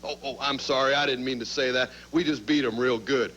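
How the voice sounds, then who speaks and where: A man's voice: medium pitch, steady tone, fairly quick, a bit bright, a little hiss or hum, low-quality recording. A man cutting a boastful, taunting wrestling promo on old TV audio.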